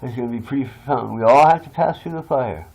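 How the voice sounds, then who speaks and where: A man's voice: medium pitch, quick pace, vocal fry, highs cut off. A man talking in a rambling, confessional monologue, blunt and swearing freely. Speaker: vlogger.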